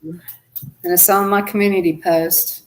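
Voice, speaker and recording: A woman's voice: on the low side, fairly even intonation, a little slow, darkish tone, a little hiss or hum. An older woman co-hosting a casual livestream, chatting in friendly asides. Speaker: co-host.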